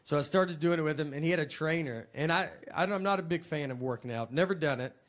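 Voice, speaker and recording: A man, performing a stand-up comedy monologue with understated, deadpan storytelling. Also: on the high side, fast talker. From Tennessee, USA. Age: 40s. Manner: deadpan, understated storytelling with bemused quoted dialogue. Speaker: comedian hosting a TV sketch show. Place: stage of a TV studio before a live audience. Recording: noisy live studio audience laughter.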